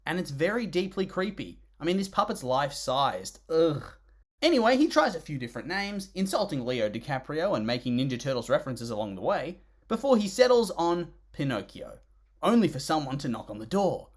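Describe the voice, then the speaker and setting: A film reviewer delivers scripted comedic narration, dripping with sarcasm and exasperation. The voice swings widely up and down in pitch for emphasis, punctuated by disgusted groans and sighs. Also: big pitch swings, brisk.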